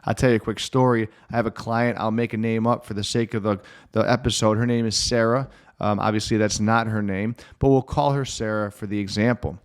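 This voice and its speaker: A man's voice: on the low side, steady tone, clean tone. A middle-aged man hosting his own podcast as a mental performance coach, telling a client story in an earnest, emphatic motivational monologue. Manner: earnest, emphatic storytelling with slow stressed phrases.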